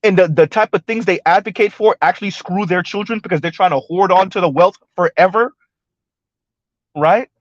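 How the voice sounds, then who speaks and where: A man's voice: high-pitched, normal speed, no echo, highs cut off. A man, giving blunt casual commentary to a live chat and often asking "right?". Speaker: live stream host.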